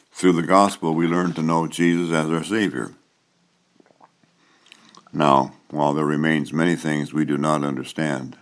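Deep-voiced pastor leading solemn liturgy. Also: male voice. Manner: solemn, measured liturgical delivery. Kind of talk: sermon and liturgy.

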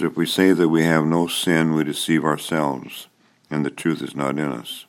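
A male pastor leading a church liturgy of prayer, confession and absolution, in a slow, measured liturgical cadence. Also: a bass voice, level tone. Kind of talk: liturgy and scripture reading.

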